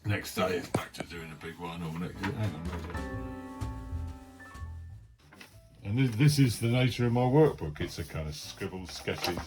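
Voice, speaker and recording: A man with a deep voice talks through his sketchbook in his studio. He rambles loosely, mutters asides under his breath, swears casually and chuckles along the way. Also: measured pace, pauses often, music in the background. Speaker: cartoonist.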